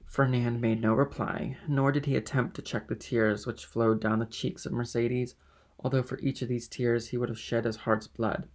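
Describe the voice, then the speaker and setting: Male audiobook narrator, measured and steady. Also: mid-range voice. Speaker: audiobook reader.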